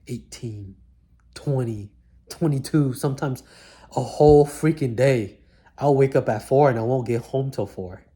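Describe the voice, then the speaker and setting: A man's voice: mid-range voice, warm tone. A man telling his own story in one reflective take, in casual slangy talk full of "like" and "man". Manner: casual slangy talk, many likes and mans. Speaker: vlogger recounting his life. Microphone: single mic, one take.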